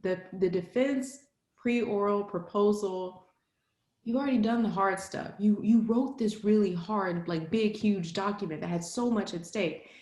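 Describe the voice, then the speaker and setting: A woman speaking as a podcast guest in casual interview chat, lively and chatty, laughing often and filling her speech with "like". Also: mid-range voice, unhurried. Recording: roomy echo.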